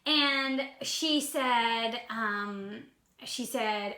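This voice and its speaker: Bubbly fast-talking woman coach, echoey room. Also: on the high side, pushed and bright. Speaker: sales coach. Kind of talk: casual live stream talk. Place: indoor room at home.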